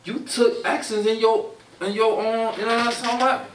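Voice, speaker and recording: A high-voiced man holds forth in an animated, rhetorical chat style, tossing in "you know what I'm saying" often. He sits back from the mic, so the room echo and a faint hiss come through. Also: a little fast, far from the mic. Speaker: co-host. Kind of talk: casual podcast chat.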